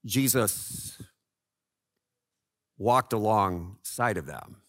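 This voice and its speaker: A man preaching a sermon, telling the story dramatically and swinging between loud cries and hushed low lines. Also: expressive, extremely slow, dry recording, clean studio sound. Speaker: pastor.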